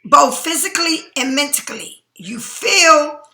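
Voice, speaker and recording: A woman's voice: high-pitched, animated, a little slow, sharp tone, roomy sound. Blunt, sleepy woman tarot reader. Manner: blunt, emphatic, swears freely. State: sleepy, yawning. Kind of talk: casual tarot reading to viewers.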